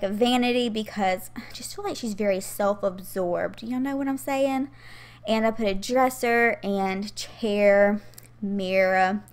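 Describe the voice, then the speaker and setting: A young woman, out of breath and heavily pregnant, chatting casually through a game build voiceover with lots of fillers and giggles. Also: medium pitch. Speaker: Sims gaming YouTuber.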